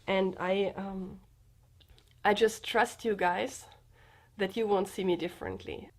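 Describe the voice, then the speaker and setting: Sick woman vlogging from her floor, kinda sedated and quiet, keeps stopping and restarting. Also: medium pitch, fairly even intonation. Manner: halting, hesitant, with many restarts; subdued, a little sedated. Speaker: comedian and vlogger. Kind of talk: personal confessional vlog. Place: indoors, sitting on the floor with pillows.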